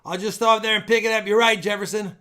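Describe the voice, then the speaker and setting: Bright, high-voiced playful male streamer. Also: fairly even intonation, fast talker. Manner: playful and loud, counting down giveaways, joking with viewers. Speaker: live stream host running giveaways. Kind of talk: casual live stream chat.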